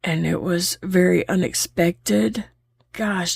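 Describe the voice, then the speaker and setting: A woman's voice: mid-range voice, takes it slowly, gravelly, a little mellow, husky, no room sound, studio quality. A woman chatting openly while she crochets, laughing easily as she talks. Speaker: crochet vlogger. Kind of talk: casual chat while crocheting.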